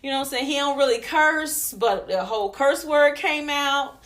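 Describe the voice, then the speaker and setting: A woman co-hosting a podcast, telling a story in casual chat, animated and profane, laughing as she goes. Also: high-pitched, normal speed, slight background noise. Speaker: podcast co-host.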